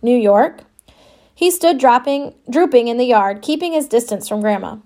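Brief: woman narrator, first-person audiobook, wry and wistful, somewhat high voice. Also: expressive, normal speed, a little mellow.

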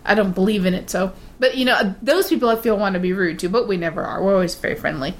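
A woman's voice: medium pitch, expressive, fast talker. A woman in casual conversation, telling stories in a chatty way and laughing often. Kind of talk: casual chat.

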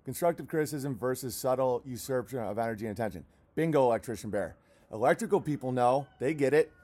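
A man hosting a livestream, rambling in a casual, profane rant and now and then breaking off to yell at barking dogs. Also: mid-range voice, expressive, fast. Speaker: livestream host.

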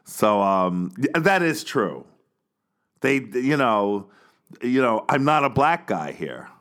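An American man in casual conversation, animated and acting out quotes. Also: slow. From United States. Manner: animated, acts out quotes in high voices. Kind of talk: casual chat.

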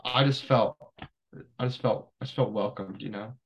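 A man's voice: on the low side, moderate pace, highs cut off. Laid-back young man telling stories. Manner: rambling, full of "like" fillers. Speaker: podcast guest. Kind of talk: casual storytelling.

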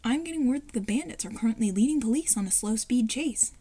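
A woman voicing a brisk TV news reporter with a newsreader cadence. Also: fairly high pitch, animated, dark tone, breathy edge. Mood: formal.

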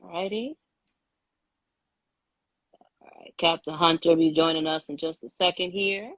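A woman's voice: deep voice, moderate pace, fairly bright tone, no room sound, poor audio. A woman hosting a live podcast, chatty and outspoken, laughing often as she talks. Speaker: podcast host.

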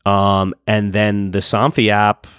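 A man co-hosting a podcast, chatting casually in a relaxed, rambling way with restarts and frank asides. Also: lowish voice, slow pace, clean tone, dry recording, clean studio sound. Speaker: podcast co-host. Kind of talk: casual chat.

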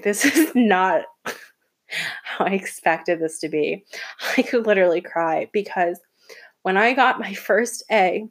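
A woman's voice: mid-range voice, a little slow, long pauses. Young woman, from Atlanta, student podcast host, emotional, rambling, casual monologue. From Atlanta, Georgia. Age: young adult. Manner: emotional, rambling, with many restarts and laughs.

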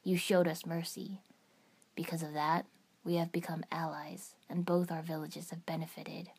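A woman doing a rasping, hushed solemn boy. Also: low voice, little pitch movement, moderate pace, full character voice. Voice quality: raspy, hushed near-whisper. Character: quiet rasping teenage boy, grave and solemn. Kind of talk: fan fiction audiobook reading.

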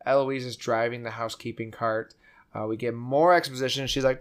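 A man hosts a relaxed movie podcast in a casual, joking tone. He recaps scenes and keeps throwing in quick impressions of the characters. His pitch sits in an ordinary middle range. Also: smooth. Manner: jokey, slips into quoted character voices. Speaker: podcast host.

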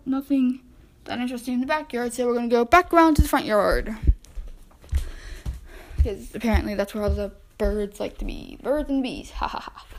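With slight background noise, a young woman whose voice sits on the high side hosts a casual solo podcast at home. She narrates the animals she notices out her window, is easily sidetracked, and speaks to them directly.

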